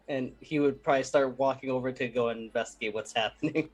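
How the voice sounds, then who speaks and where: A man's voice: medium pitch, steady tone, quick pace, hardly any pauses. A man playing a tabletop role-playing game who describes his character's actions and often hesitates and restarts his sentences. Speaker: player. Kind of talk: casual tabletop role-play.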